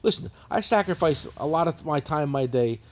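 A man in his fifties with a New Jersey accent co-hosts a podcast, telling long, profane, rambling stories in casual chat. His voice is a little high and expressive, at a moderate pace.

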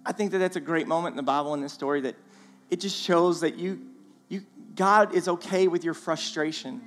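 High-voiced man preaching in a reverberant hall. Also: brisk. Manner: animated, conversational preaching with playful asides. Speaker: guest speaker. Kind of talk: sermon. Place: church sanctuary. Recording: long church hall reverb, faint music.

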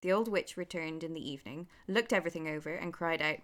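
Woman storyteller with a lower voice, relaxed and chatty between passages. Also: fast talker. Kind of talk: reading a folk tale aloud with chat.

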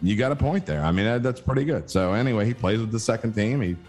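A man's voice: fairly low pitch, animated, quick pace, a little mellow, soft background music. A man hosting a sports radio show, chatting casually and talking through his game picks. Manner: conversational, hedging, talks through game picks.

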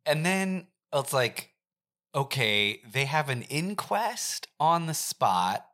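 A woman in her forties with a strikingly deep voice, co-hosting a podcast in loose, profane chat. She jokes and mimics characters as she retells a film. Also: very animated, slow pace, a bit bright. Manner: profane, joking, acts out scenes in quoted voices. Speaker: podcast co-host. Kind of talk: casual chat reviewing a film.

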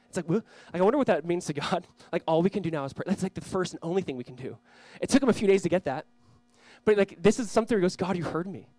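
A man preaching a sermon as pastor, earnest, moving between loud emphasis and hushed pleading, reading scripture aloud slowly. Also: fairly high pitch, no echo.

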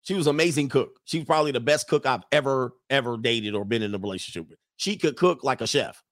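A man's voice: medium pitch, fast talker, no echo, studio quality. A man telling a story from his dating life in a casual, conversational way, often checking in with "right?". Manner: conversational, tags lines with "right?".

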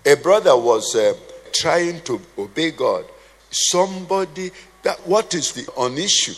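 A man's voice: a little high, lively intonation, a little slow. A man preaching a sermon, conversational and humorous, quizzing his congregation with questions. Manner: humorous asides. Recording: long hall reverb.

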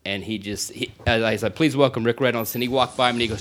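Laughing comedian telling road stories. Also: male voice, mid-range voice, quick pace. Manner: animated storyteller, acts out quotes. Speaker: stand-up comedian. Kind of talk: casual storytelling chat.

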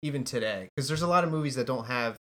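Man, podcast host, casual chat, enthusiastic, mid pitch. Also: lively intonation, fast talker, a bit bright. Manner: enthusiastic, asks questions.

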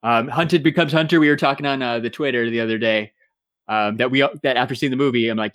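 A man co-hosting a casual podcast chat, upbeat and prodding the others in quick banter. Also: medium pitch, steady tone, fairly bright tone, no echo, clean studio sound. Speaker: podcast co-host.

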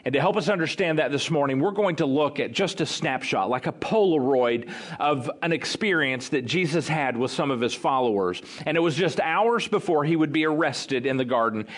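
A male pastor delivers a sermon in a chatty storytelling way, acting out the lines he quotes. His voice sits a little high and swings widely in pitch. He pushes some words out slowly and rushes through others. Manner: conversational, animated storytelling with acted-out quotes.

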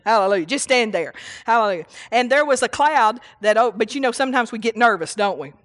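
A woman's voice: on the high side, animated, fast talker. A woman preaching a rambling, folksy sermon at a church service, often laughing and saying hallelujah.

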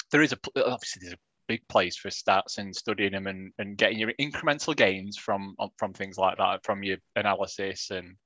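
A man's voice: fairly low pitch, a bit bright, dry recording, poor audio. A man, co-hosting a podcast in casual, rambling, self-mocking chat. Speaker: podcast co-host.

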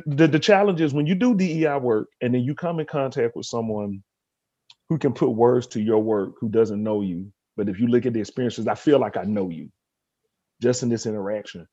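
A man hosts a podcast interview in a warm, mid-range voice at a fairly quick pace, and the recording's highs are cut off. The conversation is emotional: he rambles, restarts often, and is openly moved.

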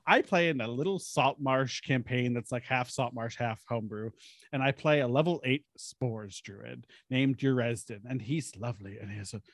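A man's voice: medium pitch, normal speed, no echo, clean studio sound. A man hosting a podcast, animatedly telling a tabletop game story in a casual, chatty way. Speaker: podcast host.

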